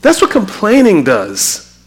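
A man from Trinidad preaching a sermon, animated and acting out quotes with a raised voice. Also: high-pitched, slow.

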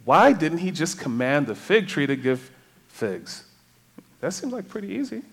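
A man's voice: on the high side, very animated, a little slow, husky. A man preaching a sermon in a conversational way, reading scripture and asking the congregation rhetorical questions.

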